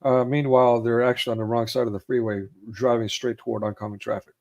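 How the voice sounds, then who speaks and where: A man's voice: medium pitch, little pitch movement, quick pace, darkish tone, highs cut off. Man rambling casually about favorite films. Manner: rambling, with many fillers and restarts; acts out movie quotes in raised voices. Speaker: co-host of a film chat.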